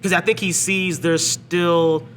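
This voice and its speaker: A man with a bright, slightly raised voice talks through a film as a podcast co-host. He chats casually and retells scenes. A faint noise sits under the recording. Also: high voice, little pitch movement, takes it slowly. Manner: retells scenes with quoted lines.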